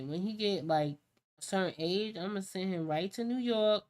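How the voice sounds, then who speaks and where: A woman hosting a painting stream, a mother telling stories in a casual, animated way and acting out what others say. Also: a little high, moderate pace. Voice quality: animated storytelling, acts out quoted talk. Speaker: art channel host.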